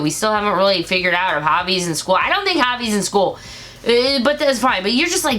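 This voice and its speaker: Woman reviewer, higher voice, bright and punchy, casual and jokey, does quick character voices. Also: expressive. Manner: chatty, jokey, acts out lines in quick voices. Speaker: show reviewer. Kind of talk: casual episode recap.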